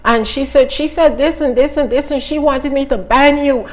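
Woman Bible teacher, informal sermon with a high-pitched voice. Chatty, full of asides, asks the room questions. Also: normal speed, low-quality recording. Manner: conversational, many "you know" asides, asks the listeners questions. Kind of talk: informal sermon and personal testimony.

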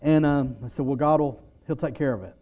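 A man's voice: medium pitch, brisk, mellow. A man preaching a sermon, telling stories and acting out the lines of the people in them. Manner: storytelling, acts out quotes, imitates muffled "wah wah" voice.

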